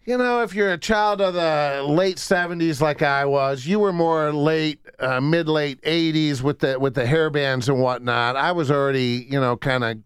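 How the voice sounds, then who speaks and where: A man's voice: on the high side, moderate pace, few pauses, smooth, no echo, clean studio sound. A man, a comedian and radio personality chatting casually and reminiscing. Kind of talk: casual podcast chat.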